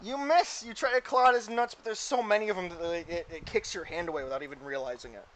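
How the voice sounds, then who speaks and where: High-voiced giggling game master man. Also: fast, fairly bright tone. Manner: giggly, laughs through his narration. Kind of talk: narrating a tabletop game.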